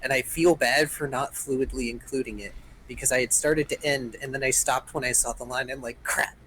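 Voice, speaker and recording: A man's voice: mid-range voice, fairly even intonation, a little fast, fairly bright tone, slight background noise, low-quality recording. A man running a tabletop role-playing game, narrating the story dramatically and joking with his players. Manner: storytelling, playful asides. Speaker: game master.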